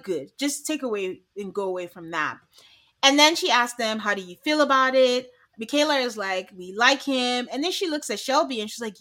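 A woman co-hosting a podcast, chatting casually and acting out lines from a reality show. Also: high-pitched. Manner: animated, acts out quotes from the show. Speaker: podcast co-host. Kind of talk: casual recap chat.

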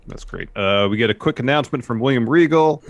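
A man's voice: mid-range voice, fast talker, dry recording, dull audio. A man co-hosting a podcast, walking through a wrestling recap in casual chat. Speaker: podcast co-host.

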